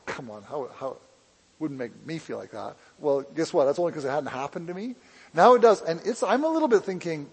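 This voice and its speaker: A man preaching and telling a personal testimony in a rambling, animated way, with a mixed, hard-to-place accent. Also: on the high side, breathy edge, big-room sound, low-quality recording. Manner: rambling, self-interrupting, animated storytelling. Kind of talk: sermon testimony storytelling.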